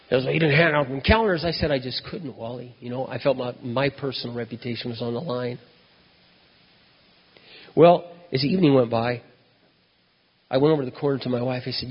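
A man preaches a sermon through a story, acting out each voice in an animated way. His voice is husky. The recording sounds muffled and dull, with the long reverb of a hall. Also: mid-range voice, brisk, pauses often. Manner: animated, acts out dialogue.

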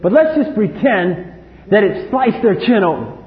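Man, sermon, high voice, emphatic, long hall reverb, dull lo-fi sound. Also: very animated, moderate pace. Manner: emphatic, rises to loud acted outbursts then drops low. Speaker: pastor.

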